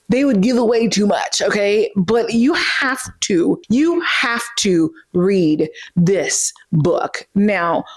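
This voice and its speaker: A woman hosting a casual book review vlog, gushing and emotional, full of fillers and direct "okay?" asides to her viewers. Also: mid-range voice. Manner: speeds up in rushes, then slows right down for emphasis.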